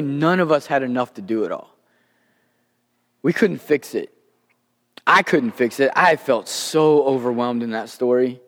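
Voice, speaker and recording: A man preaching a sermon as a story, acting out the lines of the people in it with animation. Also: high voice. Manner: animated, acts out quoted dialogue. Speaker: pastor. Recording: long reverb of a large hall.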